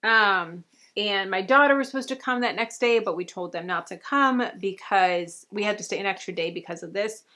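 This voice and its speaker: A woman's voice: medium pitch, moderate pace, pushed and bright. A young woman telling her birth story casually, rambling with lots of filler words and restarts. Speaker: mom vlogger.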